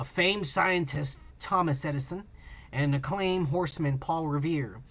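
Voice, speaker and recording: A man co-hosting a podcast in loose, rambling chat. He talks with plenty of swearing and "uh"s. His voice sits a bit high, and the recording sounds dull and lo-fi. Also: a bit bright. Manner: profane, rambling, with many fillers. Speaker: podcast co-host. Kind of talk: casual chat.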